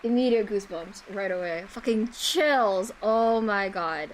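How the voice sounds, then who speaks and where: A woman's voice: mid-range voice, expressive, a little slow, slight background noise, low-quality recording. A young woman streaming a game reaction, emotional and teary, laughing and swearing as she gushes.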